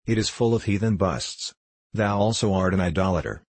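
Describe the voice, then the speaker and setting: Scornful young boy, proud, husky, man voicing. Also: lowish voice, normal speed, a little mellow, no room sound.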